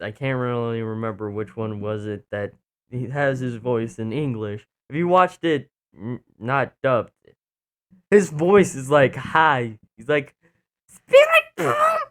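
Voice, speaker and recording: A young man hosting a reaction video, rambling and mocking himself as he comments. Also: mid-range voice. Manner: rambling, self-mocking, stumbles over words. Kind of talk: casual commentary.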